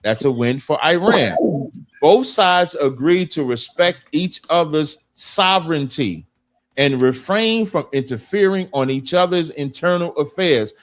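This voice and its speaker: A man's voice: on the high side, fairly bright tone. A male panelist in a debate, insistently reading news items aloud and repeating a refrain after each point.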